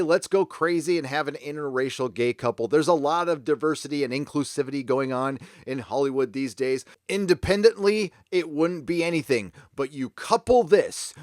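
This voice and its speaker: A man hosting a commentary vlog who talks emphatically and keeps dropping sarcastic asides. His voice sits a little high. The sound is dry and close, with no room around it. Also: no room sound. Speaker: commentary channel host.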